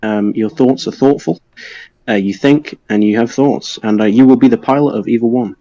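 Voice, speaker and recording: A young man co-hosting a podcast, thanking listeners with goofy, deadpan nonsense. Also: mid-range voice, moderate pace, no echo, lo-fi sound. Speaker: podcast co-host. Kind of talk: casual chat, listener shout-outs.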